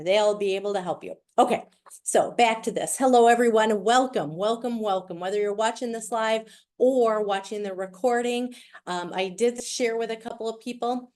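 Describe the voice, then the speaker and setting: A woman's voice: fairly high pitch, a little mellow. A middle-aged woman with a Wisconsin accent giving a chatty, playful presentation over a video call. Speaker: guest speaker. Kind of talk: virtual presentation.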